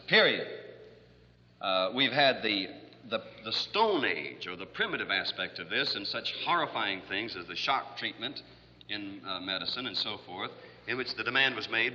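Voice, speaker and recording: A man's voice: fairly low pitch, bright, forceful tone, a little hiss or hum. A man giving a rambling lecture full of fillers, telling jokes with acted voices, in an old archival recording. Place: lecture hall. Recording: distant hall, dull archival lo-fi recording.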